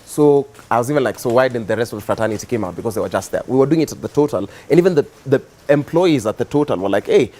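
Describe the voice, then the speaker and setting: A young Kenyan man speaks as a talk show guest in a mid-range voice. He tells his story in a relaxed, meandering way. He leans on fillers as he goes. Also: medium pitch, rapid-fire, hardly any pauses. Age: young adult. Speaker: guest, activist and musician. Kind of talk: casual interview storytelling.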